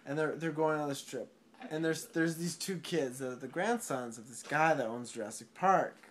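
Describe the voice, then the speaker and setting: A man's voice: on the high side, normal speed, slight background noise. A drunk young man retelling a film in a rambling, swearing way, often laughing and tripping over his words.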